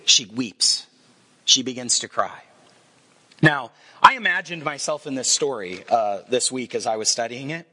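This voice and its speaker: A man in his forties preaching a sermon, telling the story with lively acted-out quotes. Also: mid-range voice, measured pace, husky. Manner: animated storyteller acting out quoted voices. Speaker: pastor.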